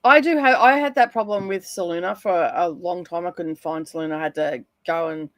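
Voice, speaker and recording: A Scottish woman hosting a casual livestream chat, talkative and quick to laugh. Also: lowish voice, fairly bright tone, no echo, studio quality. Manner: chatty, laughs often. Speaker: livestream host.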